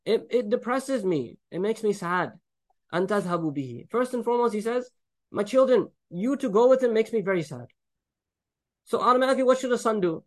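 A man preaching a sermon, explaining Quran verses with Arabic recitation, animated and joking as he acts out the people in the story. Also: high voice, quick pace. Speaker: Islamic preacher.

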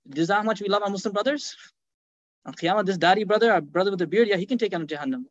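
A man preaching a sermon, telling stories fast with acted quotes and rhetorical questions. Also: sits high, muffled recording. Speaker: Islamic preacher.

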